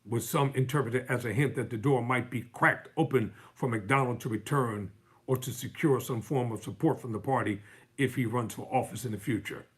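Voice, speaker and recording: A man's voice: medium pitch, moderate pace, breathy edge. A man hosting a live stream, reading news articles aloud and breaking off into fiery, sarcastic commentary.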